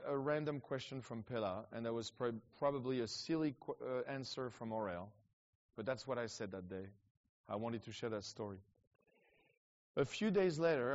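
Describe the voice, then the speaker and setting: A man's voice: mid-range voice, moderate pace. Guy, middle aged, rambling story chat, lots of restarts, kinda muffled lo-fi sound. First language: French. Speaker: evangelist guest. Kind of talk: casual storytelling talk.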